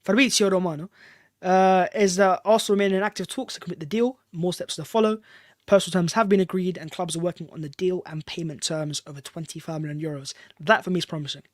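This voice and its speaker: High voiced guy talking fast on a podcast, dry close sound. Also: fairly even intonation, no room sound. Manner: quick, chatty, leads the segment. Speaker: podcast co-host. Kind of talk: casual football chat.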